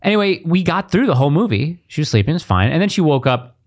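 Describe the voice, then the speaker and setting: A man in his thirties co-hosting a podcast, chatting casually and telling animated stories with put-on shouting voices. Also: on the high side, fast. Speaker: podcast co-host. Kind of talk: casual chat.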